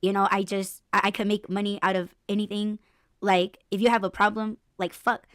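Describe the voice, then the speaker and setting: A woman's voice: medium pitch, moderate pace, no room sound, clean studio sound. Blunt, profane woman podcast host. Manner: blunt, profane, animated storytelling with mock voices. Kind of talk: casual chat.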